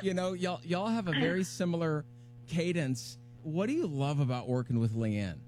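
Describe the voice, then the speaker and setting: A man's voice: fairly high pitch, expressive, moderate pace. A man hosting a radio talk show, chatting in an easygoing, chummy way. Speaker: radio host.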